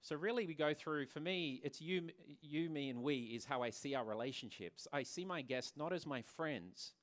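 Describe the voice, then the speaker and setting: A man's voice: fairly high pitch, moderate pace, fairly bright tone. Earnest man giving a conference talk. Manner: earnest, repeats words and restarts often. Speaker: salon owner and presenter. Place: conference venue.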